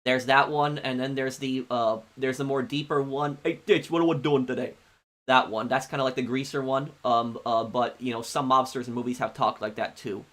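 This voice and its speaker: A man live-streaming a game, chatting casually with viewers in a rambling, halting way full of ums and restarts. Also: mid-range voice, flat delivery, fairly bright tone. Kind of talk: casual chat answering viewers.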